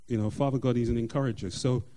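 A middle-aged man, sharing a personal faith testimony in an earnest, halting way with many fillers and restarts. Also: mid-range voice, fairly even intonation, dark tone. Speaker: church member sharing testimony.

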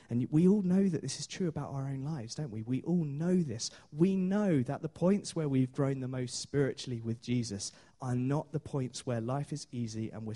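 A man's voice: mid-range voice, darkish tone. A man preaching a sermon in a chatty storytelling way, with many fillers and small laughs.

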